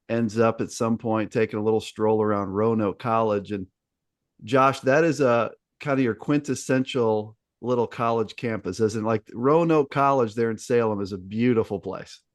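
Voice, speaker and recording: A man's voice: lowish voice, no echo, clean studio sound. Chatty man hosting a sports podcast. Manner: upbeat, chatty, many fillers. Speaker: podcast host. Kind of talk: casual interview chat.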